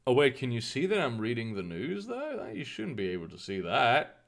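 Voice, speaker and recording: A man's voice: mid-range voice, huge pitch swings, a little fast, gravelly. A man streaming live, rambling and swearing in exasperation as he reads the news and answers chat. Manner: rambling, profane, exasperated, with frequent restarts. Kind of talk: casual live-stream commentary.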